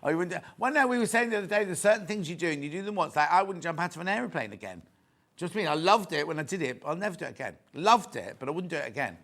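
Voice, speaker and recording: A chatty English man hosts a live shopping broadcast from a studio. His voice sits a little high and swings widely as he jokes and reads out viewer messages. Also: lively intonation, very fast, creaky, hardly any pauses, a bit bright. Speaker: shopping channel presenter. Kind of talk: live home shopping chat.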